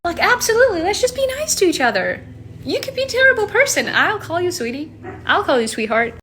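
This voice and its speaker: Playful high-voiced woman from Finland. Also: very animated, brisk, sharp tone, a little hiss or hum. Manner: playful, gushing, exaggerated. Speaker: vlogger. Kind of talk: casual talk to camera.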